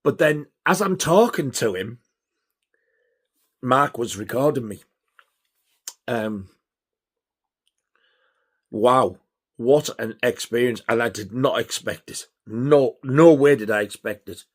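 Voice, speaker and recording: A man telling an excited personal story, swearing freely and acting out what people said. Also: medium pitch, takes it slowly, long pauses, husky. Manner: animated, swears a lot, acts out quotes. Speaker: YouTuber.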